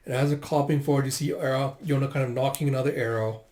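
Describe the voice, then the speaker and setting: A man with a medium-pitched, fairly even, slightly mellow voice reads through a manga aloud at a quick pace with hardly any pauses, in a roomy-sounding space. As the readthrough host, he narrates the scenes casually, voices all the dialogue in raised tones, uses lots of fillers, and hiccups now and then.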